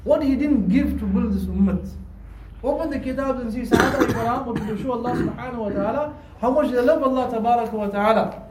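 High-voiced preacher in an echoey mosque. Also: male voice, fast talker, very noisy. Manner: earnest, repetitive preaching mixing in Arabic and Urdu phrases. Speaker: imam. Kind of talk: Friday sermon. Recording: echoey hall, distant mic.

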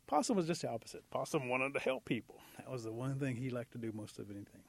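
A man telling a traditional animal folktale aloud in an animated way, leaning on the key words. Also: mid-range voice, a little fast, vocal fry. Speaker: storyteller. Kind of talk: oral folktale storytelling.

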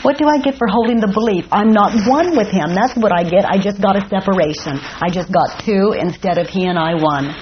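A woman leads a participant through self-inquiry, asking questions in a calm, deliberate way. Her voice sits at a middle pitch. The sound is dull and lo-fi, with a faint hiss. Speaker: workshop facilitator. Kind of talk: guided self-inquiry dialogue.

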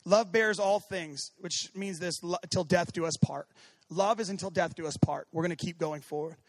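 A pastor preaches a sermon with animated energy, swinging between shouting and hushed tones and acting out the voices he quotes. His voice is high-pitched, he speaks at normal speed, and there's no echo.

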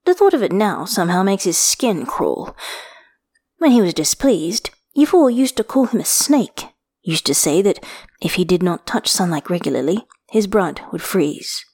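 Woman narrator, slightly low pitch; unhurried, intimate fiction reading. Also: very animated, darkish tone, breathy edge. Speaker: reader.

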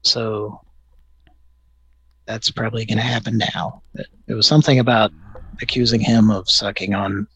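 A man hosting a casual comedy talk show, laid-back and rambling in a deadpan way. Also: fairly low pitch, moderate pace, pauses often, husky, no echo, poor audio. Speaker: podcast host.

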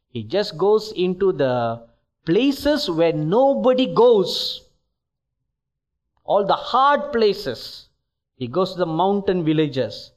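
A male preacher giving a sermon in a church, slow and deliberate. His voice sits high and swings widely as he presses each point home. The delivery is emphatic and exhortative. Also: a little mellow.

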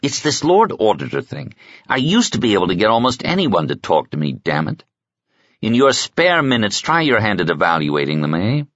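A man reading the part of a driven, brusque male lord investigator, brisk and wry in a commanding way. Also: lowish voice, huge pitch swings, fairly bright tone, no room sound, pitched above the performer's own voice, full character voice. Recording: dull lo-fi dry sound.

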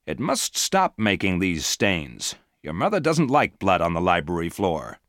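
A man voicing a practical middle-aged father who speaks low and measured. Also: wildly swooping pitch, a bit bright, no echo, studio quality, exaggerated voice. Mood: musing.

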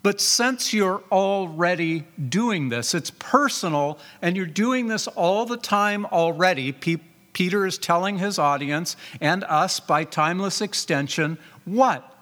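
A man with a high voice preaches a sermon to his congregation, stressing key words and asking rhetorical questions. His voice rings with a long reverb, as if it fills a large church hall. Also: measured pace, fairly bright tone. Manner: rhetorical questions, emphatic repetition, reads scripture aloud. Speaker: pastor.

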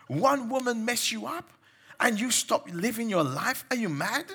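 A man's voice: very high-pitched, lively intonation, unhurried, sharp tone, husky. A man preaching a sermon, exhorting his listeners with emphatic commands and mimicking the people he mocks.

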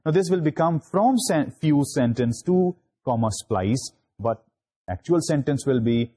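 Halting Pakistani-accented male lecturer. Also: a little high, expressive, warm tone, slightly rough. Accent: Pakistani English. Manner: halting, many fillers and restarts. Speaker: university lecturer. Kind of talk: recorded lecture recap.

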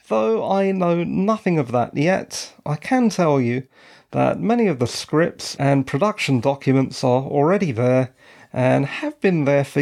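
On his own casual podcast, a man from the United Kingdom talks solo with wry asides. His voice is a little high, gravelly, and darkish, with a slight crack to it.

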